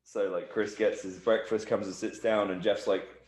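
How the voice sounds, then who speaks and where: A man with a lowish voice tells a backstage story in a shoot interview. He talks fast and loose, jumping into voices for the people he quotes. The room around him rings with echo. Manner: animated anecdote-telling, acting out quotes. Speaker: interview guest, wrestler. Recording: echoey room.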